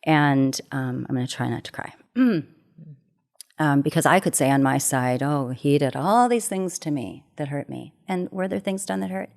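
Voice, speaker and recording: A middle-aged woman, a matchmaker and relationship expert, telling a heartfelt story in a gentle, earnest way and repeating phrases for emphasis. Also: low voice, lively intonation, unhurried, creaky.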